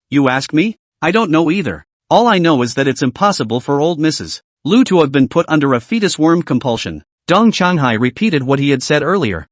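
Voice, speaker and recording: A man narrates a comic recap with a lively, swooping delivery and a slightly high voice. The recording is dry and close, with no room sound. He reads all the parts in much the same voice. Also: no echo.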